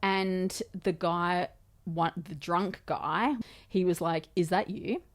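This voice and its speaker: In a lowish, steady voice and at a slow pace, an Australian woman in her thirties tells the camera a story. As a vlogger she chats casually, leans on fillers and quotes others in conversation.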